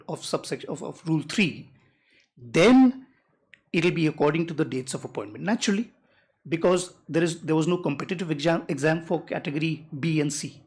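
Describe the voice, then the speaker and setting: Husky-voiced advocate arguing in court. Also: medium pitch, darkish tone. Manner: measured, deliberate, reads rules aloud slowly. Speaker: advocate arguing before a judge. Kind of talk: courtroom legal argument.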